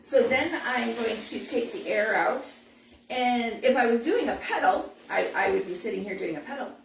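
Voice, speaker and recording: A woman's voice: fairly high pitch, animated, moderate pace, gravelly, reverberant, distant mic, a little hiss or hum. Chatty woman teaching balloon craft. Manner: chatty, laughs often. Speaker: balloon instructor. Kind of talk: live demo tutorial.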